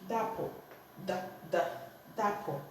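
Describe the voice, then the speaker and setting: A woman's voice: on the low side, slow, darkish tone. A woman with a Nigerian accent teaching a language lesson at home, firmly correcting and repeating words with exaggerated tones. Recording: echoey room, distant mic, faint noise.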